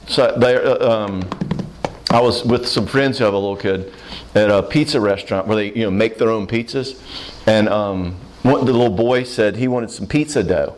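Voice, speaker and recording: A middle-aged man with a medium-pitched voice and a moderate pace answers audience questions in a casual seminar talk. He's an animated storyteller who acts out the people he quotes.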